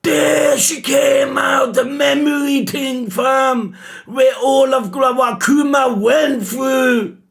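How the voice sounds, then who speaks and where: A man reacting live to a manga chapter, emotional and shouting, swearing often. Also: very high voice, steady tone, slow pace, vocal fry. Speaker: reaction streamer.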